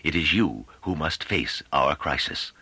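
A man voicing a calm, wise older man who speaks in a slow, measured, almost hypnotic way. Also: a bass voice, husky, dry recording, full character voice. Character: calm, wise elderly man, patient teacher.

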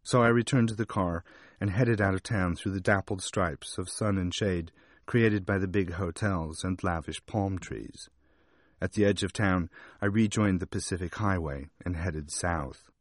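A man narrating a travel book in a wry, measured manner. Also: low voice, no echo, studio quality. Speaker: audiobook narrator.

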